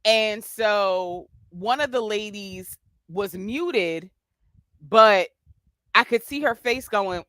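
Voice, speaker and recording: A woman's voice: medium pitch, takes it slowly, fairly bright tone, no room sound. A woman with a doctorate telling a workplace story in a casual live-stream chat, with many fillers and restarts. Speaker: guest with a doctorate.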